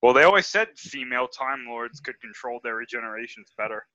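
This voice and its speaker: A man's voice: medium pitch, lively intonation, a little fast, bright, forceful tone. A man co-hosting a casual podcast who talks in a wry, matter-of-fact way. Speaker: podcast co-host. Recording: dull lo-fi podcast audio.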